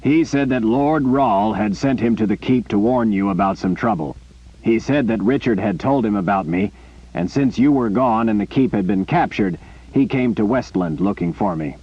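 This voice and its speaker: A man's voice: on the low side, normal speed, darkish tone, slightly rough, dry recording. Man as a big, dry-humored boundary warden. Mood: steady. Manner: dry, teasing. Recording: muffled lo-fi recording.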